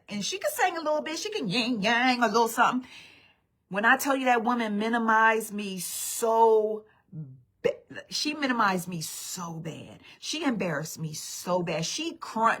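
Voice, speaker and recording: A woman vlogger telling a story to her viewers in an animated, chatty way, speaking straight to them. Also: on the high side. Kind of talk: casual storytime livestream.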